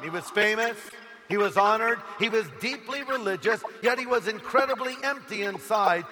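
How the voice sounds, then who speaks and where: A male pastor preaching a sermon to a stadium crowd, telling stories and now and then booming out quoted lines. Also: sharp tone. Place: outdoor stadium. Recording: echoey stadium sound with faint noise.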